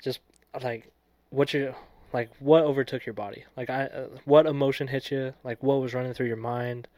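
Male podcast host, mid-range voice, dry close sound; gentle, probing, rephrases as he asks. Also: medium pitch, fairly even intonation, normal speed, dry recording. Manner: gentle, probing, searching for words. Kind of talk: interview questions.

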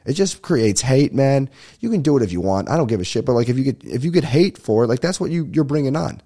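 A young man hosting a casual solo podcast, ranting and telling a story in a profane, rambling, animated way. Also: mid-range voice, quick pace. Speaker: podcast host. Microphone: podcast microphone at a desk.

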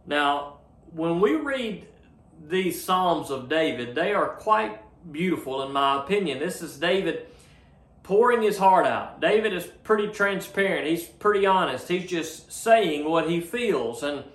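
A man's voice: on the high side, animated, unhurried, a bit bright, echoey room. A man preaching a sermon as a pastor, earnest and plain-spoken, often repeating words as he restarts a thought.

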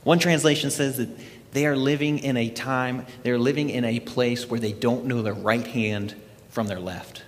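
A man preaching a sermon, retelling a scripture story in an animated storytelling way. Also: mid-range voice, normal speed, big-room sound. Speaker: pastor.

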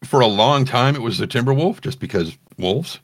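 A man's voice: medium pitch, moderate pace. A man who narrates audiobooks, talking animatedly as a guest in a casual podcast interview. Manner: animated, chatty, self-correcting restarts.

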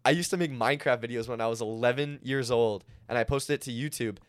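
A young man co-hosting a podcast, telling rambling stories in a relaxed, slangy way. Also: medium pitch, fast talker. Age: young adult. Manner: laid-back, slangy, rambling storyteller. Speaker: podcast co-host. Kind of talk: casual chat.

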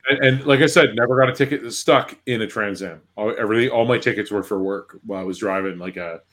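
Man, low voice, rambling, hesitant, casual chat. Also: fast talker. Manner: rambling, hesitant, trails off quietly.

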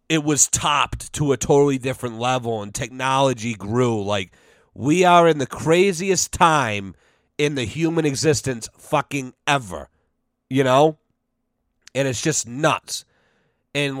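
A man's voice: medium pitch, no echo, clean studio sound. A man hosting a podcast, ranting casually with lots of swearing and fillers as he tells stories. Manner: profane, rambling, with many fillers; animated storytelling. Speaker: podcast host.

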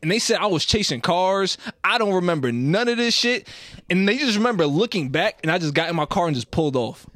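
A man's voice: high voice, fairly quick. A young man telling a rambling, profane party story in casual chat with friends, acting out the voices he quotes. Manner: animated, swearing, acts out quoted voices.

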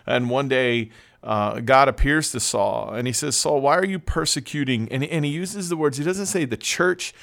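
Male pastor, conversational preacher, retells scripture casually and lively, mid-range voice. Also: mid-range voice, normal speed, vocal fry. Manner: conversational, animated, calls listeners "gang". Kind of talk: informal sermon retelling a Bible story.

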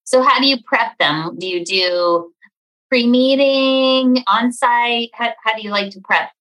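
A woman hosts a casual interview podcast, bright and forward in tone. She asks quick, playful questions and slips into joking asides. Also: a little high, poor audio. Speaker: podcast host.

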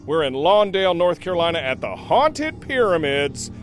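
Host: upbeat man on location, a touch high-pitched, music under him. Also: very animated, moderate pace. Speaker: show host. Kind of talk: on-location interview and show sign-off. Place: outdoors on the road at a haunted attraction.

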